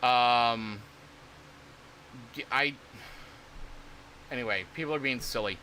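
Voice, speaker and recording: A man's voice: medium pitch, slow, bright, forceful tone, a little hiss or hum. A man streaming casually about crypto, rambling and swearing in exasperation. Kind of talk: casual livestream talk.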